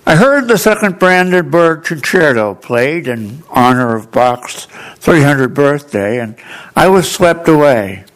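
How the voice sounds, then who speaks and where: A man with an audible speech defect reading aloud in church, telling a story in an earnest, gently humorous way. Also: on the high side, rough recording. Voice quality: altered articulation from a speech defect. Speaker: lay reader in church.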